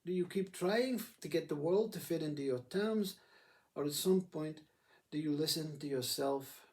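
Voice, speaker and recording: A man's voice: a little high, normal speed, darkish tone, distant mic. A man giving a reflective spiritual talk who acts out inner voices as he speaks. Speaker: spiritual teacher.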